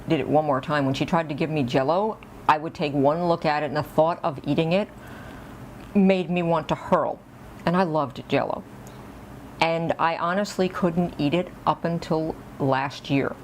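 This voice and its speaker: A woman with a fairly low voice spins a casual personal story for her vlog. She rambles and pokes fun at herself. A faint hiss of noise sits under her voice. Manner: rambling, self-deprecating, chuckles, acts out quotes. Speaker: vlogger.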